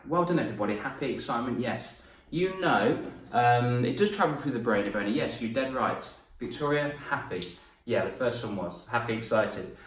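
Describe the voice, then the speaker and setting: A man's voice: fairly high pitch, expressive, normal speed, recorded from a distance. A man, an upbeat confidence coach teaching a live online lesson to children and praising them by name. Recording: echoey room, voice from off-mic.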